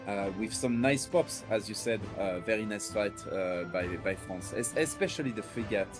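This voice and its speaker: A man casting a live esports match, speaking with frequent filler hesitations and animated bursts. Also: lowish voice, normal speed, music in the background. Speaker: esports caster. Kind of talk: live game commentary.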